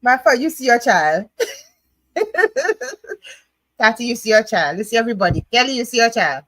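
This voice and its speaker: A woman's voice: a little high, animated, normal speed, fairly bright tone, no room sound, low-quality recording. A woman hosting her own livestream show, chatting to viewers in a grateful, heartfelt way, laughing often and restarting her words. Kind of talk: casual heartfelt chat to viewers.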